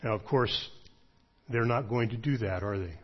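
A middle-aged man, a pastor, preaching a sermon in a measured storytelling way, pausing often with fillers. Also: medium pitch, breathy edge. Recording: dull lo-fi sermon recording.

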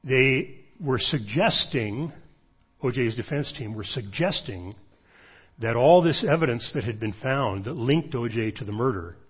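A middle-aged man, a pastor, preaching a sermon in a measured storytelling way, pausing often with fillers. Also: mid-range voice, husky. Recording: dull lo-fi sermon recording.

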